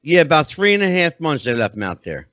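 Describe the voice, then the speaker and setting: Lively middle-aged man hosting, dry close sound. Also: a little high, fast talker, no room sound. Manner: animated, chatty, leads into questions at length. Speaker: podcast host. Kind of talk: conversational interview hosting.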